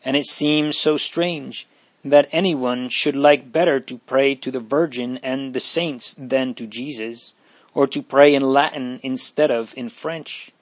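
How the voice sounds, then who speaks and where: A man's voice: mid-range voice, steady tone, measured pace, dry recording, lightly acted. A man voicing a grieving young French girl fugitive, earnest and tearful, in a dry recording. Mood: wondering.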